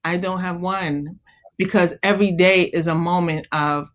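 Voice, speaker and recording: A woman guest in an interview, speaking earnestly and encouragingly about being a mother, growing animated as she tells stories. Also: lowish voice, moderate pace. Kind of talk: conversational interview.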